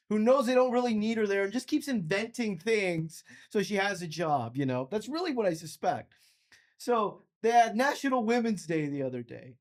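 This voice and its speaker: Male comedy podcaster, foul-mouthed ranter, with animated, jumpy intonation. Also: high voice. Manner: profane, ranting, building to shouts. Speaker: podcast host. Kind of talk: comedic monologue.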